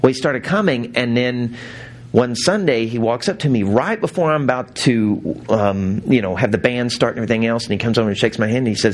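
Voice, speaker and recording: A pastor with a medium-pitched voice preaches a sermon a little fast, telling stories full of laughs and acting out the quotes.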